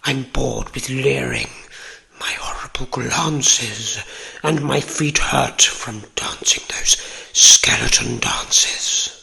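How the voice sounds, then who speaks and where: A man's voice: medium pitch, bright, forceful tone, heavily acted, rough recording. A man voicing a weary, bored male skeleton in a whispered role-play. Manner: slow, gravelly whisper.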